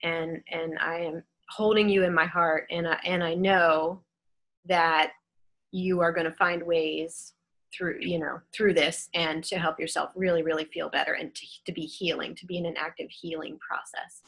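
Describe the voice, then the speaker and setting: A woman with a fairly low voice hosts a question-and-answer session over a video call. She talks gently and reassuringly, with a soothing, caring manner. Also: flat delivery, normal speed. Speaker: host. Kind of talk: hosting a live online Q and A.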